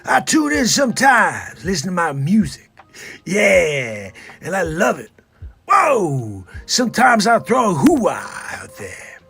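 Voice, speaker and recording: Hear a man putting on an intense older film actor in a comedy bit. He bursts into raspy shouts, his pitch jumping around. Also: wildly swooping pitch, takes it slowly, soft background music, full character voice. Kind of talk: comedic impression.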